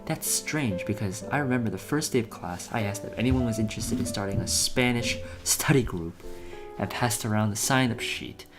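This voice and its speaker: Guy reading as a touchy young student girl, low plain voice, guitar music faint behind. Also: moderate pace, lightly acted. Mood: indignant. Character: young earnest female student, prim and touchy.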